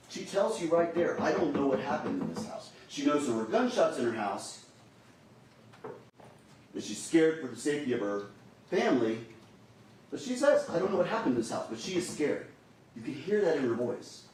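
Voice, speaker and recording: A trial attorney argues to a jury in a large courtroom, speaking with emphatic urgency in a fairly high, darkish voice. A distant mic picks him up, leaving the audio very echoey with a faint hiss.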